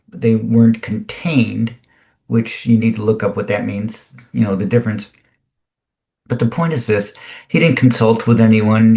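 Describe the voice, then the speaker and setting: A man hosting his own podcast, giving casual commentary on current articles in a halting, musing way. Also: medium pitch, vocal fry, darkish tone. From United States. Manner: musing, halting, with frequent restarts. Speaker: podcast host.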